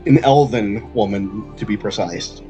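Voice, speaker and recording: A man's voice: on the low side, a little slow, warm tone, faint music behind. A man narrating as game master, loose and giggly, filling his talk with "like".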